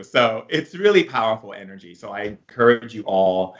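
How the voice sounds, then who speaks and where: A man's voice: on the low side, lively intonation, normal speed, fairly bright tone, lo-fi sound. Rambling man giving a spiritual lesson. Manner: rambling, heavy use of filler words. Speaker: spiritual teacher. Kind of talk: casual spoken lesson.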